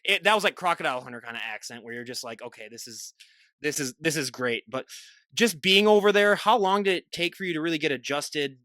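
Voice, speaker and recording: Fast, bright-voiced man hosting a podcast. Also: on the high side, animated, dry recording. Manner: rambling questions, laughs easily. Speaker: podcast host. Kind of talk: casual interview.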